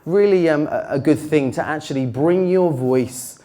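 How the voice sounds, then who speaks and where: A man giving a conference talk on pitching, with a slightly worn voice, varying his pitch and dropping low with dramatic pauses. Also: dark tone. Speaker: pitch coach. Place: conference stage.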